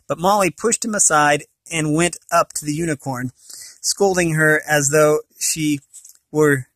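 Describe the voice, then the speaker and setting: A man's voice: a little high, steady tone, takes it slowly, a bit bright, no echo. A man reading a storybook aloud, often stumbling and correcting himself mid-sentence. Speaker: reader of a novel.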